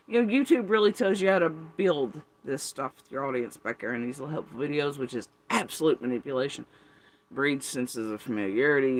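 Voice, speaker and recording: A man, ranting profanely and with exasperation during a livestream monologue. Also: a bit bright. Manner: profane, exasperated, mocks others in high put-on voices. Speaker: livestream creator.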